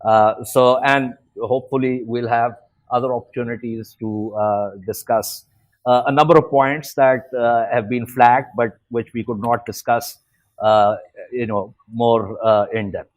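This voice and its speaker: Male host, mid-range voice, relaxed conversational delivery with fillers. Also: medium pitch, measured pace. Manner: relaxed, chatty sign-off with frequent fillers. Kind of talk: hosting a current-affairs discussion.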